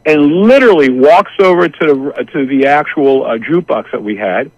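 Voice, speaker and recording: A man in his sixties, a guest telling a family story in a rambling, animated way. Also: medium pitch, brisk, dry recording, muffled recording. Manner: animated, acts out family members' voices; rambling with many restarts and asides. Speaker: interview guest. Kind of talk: casual storytelling.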